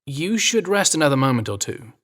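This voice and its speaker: A man's voice: fairly high pitch, very animated, brisk, a bit bright, voice pushed up. A man with an English accent voicing a dry, teasing young royal guard in an audio drama reading. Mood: wry. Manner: wry, dry humour.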